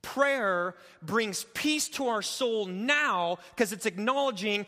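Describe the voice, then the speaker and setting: A man preaching a sermon as pastor, animated and swinging between hushed and loud. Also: high-pitched, slow pace, hardly any pauses, in a large hall.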